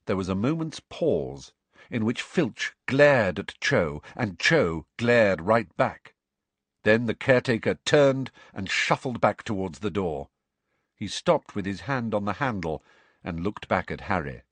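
A man narrating an audiobook in an expressive storytelling manner. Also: fairly low pitch, measured pace, no echo.

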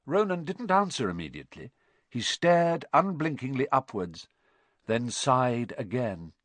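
A man narrating a children's fantasy novel as scripted storybook narration, with an expressive, dramatic reading. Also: mid-range voice, unhurried, no room sound. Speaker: audiobook narrator.

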